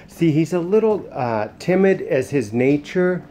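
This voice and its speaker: Soft-spoken man training a dog. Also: on the high side, lively intonation, measured pace, slight background noise. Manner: soft, soothing praise with firm short commands. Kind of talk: casual training demonstration. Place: indoors at home.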